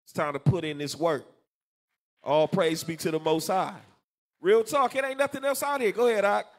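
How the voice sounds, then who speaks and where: A man preaching a scripture class, animated and colloquial, repeating words for emphasis. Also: high-pitched, normal speed. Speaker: teacher of a congregation class.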